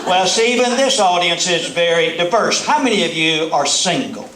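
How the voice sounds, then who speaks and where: A man's voice: sits high, expressive, moderate pace, pushed and bright, echoey room, a little hiss or hum, low-quality recording. A middle-aged man from the American South with a Southern accent, giving a folksy, joking keynote speech to a live audience. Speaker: motivational speaker. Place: large hall before a live audience.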